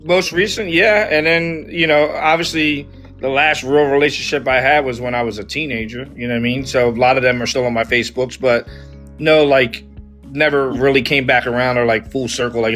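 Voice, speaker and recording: A man in his forties chats casually as a podcast co-host, relaxed and hedging with little fillers. His tone is bright and forward. Faint music sits underneath. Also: mid-range voice, fairly quick. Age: 40s. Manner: laid-back, hedging with "you know". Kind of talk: casual chat.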